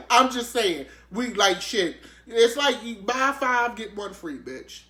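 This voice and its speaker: A man giving casual, profane, sassy commentary on the news, swinging up into shrieking highs when worked up. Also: bright, forceful tone, echoey room. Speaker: commentary vlogger.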